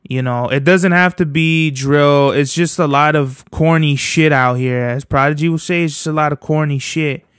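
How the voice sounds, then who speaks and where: A man talking on his solo podcast in a loose, rambling, profane way, full of slang. His voice sits a little high for a man and comes across smooth and clear. The sound is close and dry, with no room echo. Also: steady tone, normal speed, hardly any pauses, fairly bright tone. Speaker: podcast host. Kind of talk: casual solo podcast chat. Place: at home.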